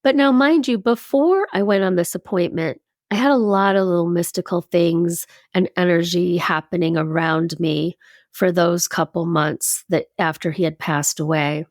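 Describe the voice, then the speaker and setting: A woman in her fifties, a podcast guest, sharing a personal story in a lively, animated way. Her voice sits fairly low for a woman, and she acts out what other people said. The sound is dry and close, with no room echo. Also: moderate pace. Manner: animated storyteller who acts out quoted speech.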